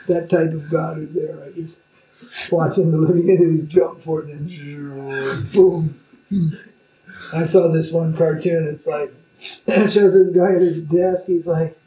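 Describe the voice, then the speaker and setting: A man's voice: a little high, steady tone, normal speed, mellow, roomy sound, rough recording. A man who is a spiritual teacher, talking informally in loose, rambling speech with many fillers. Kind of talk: informal conversation.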